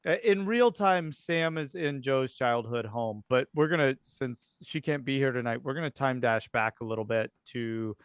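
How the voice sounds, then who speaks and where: Game master, male, smooth voice, halting narration, dry mic. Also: mid-range voice, lively intonation, no room sound. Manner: hesitant, many fillers and restarts.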